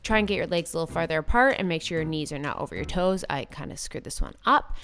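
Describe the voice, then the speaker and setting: A woman's voice: sits low, animated, fast, gravelly, a bit bright, soft background music. A young adult woman narrating a casual workout vlog, breezy and chatty, with lots of "like" fillers. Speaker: fitness vlogger.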